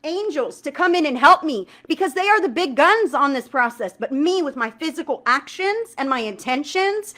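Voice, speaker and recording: A woman speaks in a slightly high voice as a spiritual vlogger, chatting casually and earnestly to her audience. She gets enthusiastic, drops slangy asides, and slows down to recite prayer lines with feeling. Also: expressive, bright, forceful tone. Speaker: tarot reader and spiritual vlogger. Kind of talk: casual spiritual talk to camera.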